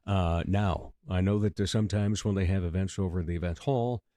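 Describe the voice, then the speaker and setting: A man hosting a local radio talk show, asking friendly questions and reacting quickly in a casual interview. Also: deep voice, dark tone, dry recording.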